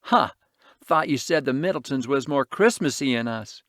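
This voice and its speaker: A man voicing an energetic young orphan boy from the city who talks in excited street slang. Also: mid-range voice, normal speed, dry recording, clean studio sound, natural voice. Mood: excited, boastful.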